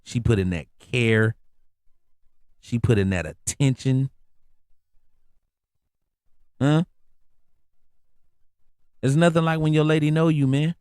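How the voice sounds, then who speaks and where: A man's voice: medium pitch, unhurried, long pauses, darkish tone, clean tone, dry recording, clean studio sound. A man hosting a podcast, telling a story in a casual, laid-back way, full of slang and repeated phrases. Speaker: podcast host.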